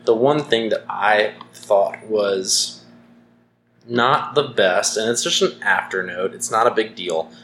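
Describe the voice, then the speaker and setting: Low-voiced Canadian man in casual chat. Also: takes it slowly, a bit bright. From Saskatchewan, Canada. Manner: opinionated, dry jokey, many ums. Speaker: podcast co-host. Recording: echoey room with faint noise.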